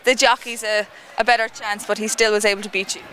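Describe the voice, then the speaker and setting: A fast-talking woman interviews jockeys at a race track at night. Her voice is bright and forward, and her teasing questions come quickly. Faint outdoor noise sits behind her. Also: medium pitch, level tone.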